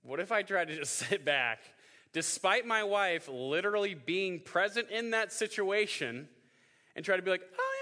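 A young pastor in his twenties tells a funny story in a sermon, playing out the voices of the people in it. His voice is bright and forward. It rings with the long reverb of a big hall. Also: high voice, expressive, moderate pace. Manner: joking storytelling, acts out voices. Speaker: youth pastor.

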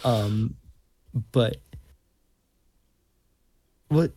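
A man's voice: medium pitch, extremely slow, warm tone, slightly rough, no room sound. A man guest co-hosting a podcast, rambling in wry, profane banter. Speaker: guest co-host.

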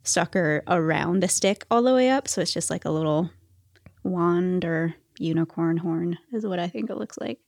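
A woman's voice: fairly low pitch, moderate pace, gravelly, a little mellow, dry recording, studio quality. A young woman co-hosting a podcast, chatting casually with frequent laughs and filler words. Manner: giggly, rambling with many fillers. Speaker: podcast co-host. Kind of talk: casual chat.

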